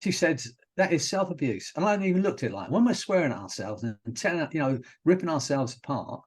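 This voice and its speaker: A British hypnotherapist telling stories in a relaxed, rambling way, often restarting his sentences as a podcast guest. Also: on the high side, fast, husky. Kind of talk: casual interview chat.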